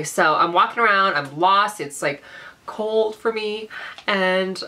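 Speaking slowly in a bright, forceful medium-pitched voice, this young woman, a beauty vlogger from Vancouver, Canada, recounts a storytime vlog. She keeps it chatty and dramatic, leaning heavily on "like" along with "you know."

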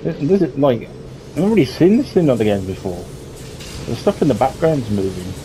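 Swearing gamer with lively pitch. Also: male voice, brisk, slight background noise, poor audio. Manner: swears a lot and yelps when startled. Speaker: gameplay streamer. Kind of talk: horror game playthrough commentary. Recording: game music loud behind voice.

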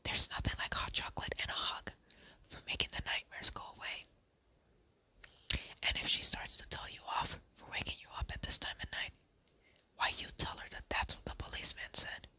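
A reader voicing a gruff, patronizing male policeman in a whispered role-play. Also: normal speed, sharp tone, no room sound. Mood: soothing. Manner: condescending, soothing.

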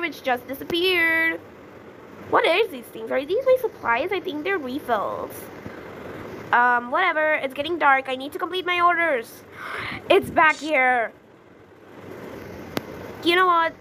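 High bright young woman gaming. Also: slight background noise, rough recording. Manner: chatty, easily flustered, gasps and exclaims. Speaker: gaming YouTuber. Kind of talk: casual gameplay commentary.

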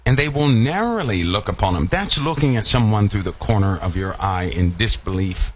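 A man's voice: on the low side, lively intonation, moderate pace, few pauses, breathy edge. A man preaching a sermon, asking his listeners rhetorical questions and repeating phrases for emphasis.

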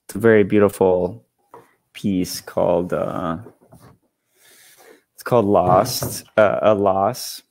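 A man's voice: deep voice, steady tone, slow pace, gravelly, pauses often, darkish tone. A man on a video call talking casually as a guest, rambling with lots of fillers and swearing freely. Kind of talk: casual chat.

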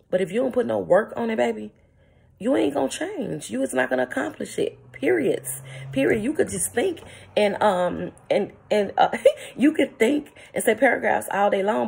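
A woman preaches a motivational morning talk into her phone. Her voice is gravelly with a husky edge, and she hammers her points home emphatically, breaking into laughter between lines. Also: mid-range voice, animated, moderate pace, darkish tone. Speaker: vlogger. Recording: phone-recorded vlog.

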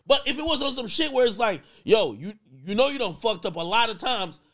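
A man's voice: very high-pitched, animated, brisk, fairly bright tone. A man hosting a casual panel chat, who often cuts in and repeats himself to take the floor. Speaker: podcast host.

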